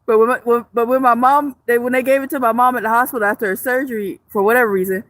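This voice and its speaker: A woman reads viewer comments during a casual livestream, joking around and swearing freely as she rambles and keeps restarting. Her voice is a little high and a bit bright, fast with fairly even intonation, and there's no room sound.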